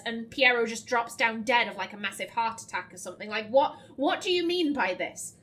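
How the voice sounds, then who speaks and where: Woman game streamer, high and bouncy voice, reads dialogue aloud, laughs at her own slips. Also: expressive, moderate pace, few pauses, a bit bright. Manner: chatty and giggly, stumbling over foreign words. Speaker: let's play host. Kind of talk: blind let's play commentary, reading game dialogue aloud.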